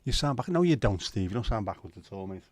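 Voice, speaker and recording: A man's voice: fairly low pitch, very animated, quick pace, no room sound. Blunt, sweary Scouse man chatting. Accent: Liverpool. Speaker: livestream host. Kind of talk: casual chat reading viewer comments.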